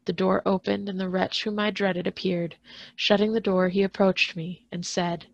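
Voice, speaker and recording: A woman librarian reading a classic novel aloud in a steady manner, occasionally restarting on hard words. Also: mid-range voice, moderate pace, gravelly, dry recording, lo-fi sound. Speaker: school librarian.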